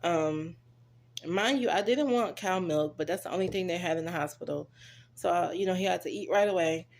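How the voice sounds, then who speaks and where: A young woman with a low-pitched voice, telling a story in a loose, chatty way. She talks straight to her viewers and acts out what other people said. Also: fairly quick, creaky, a little hiss or hum. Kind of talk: casual storytelling to camera.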